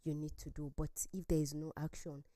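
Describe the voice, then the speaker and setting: A woman panelist on a talk show, speaking in an emphatic, animated way with frequent laughter. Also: deep voice, a little fast, crowd noise. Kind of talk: casual studio chat.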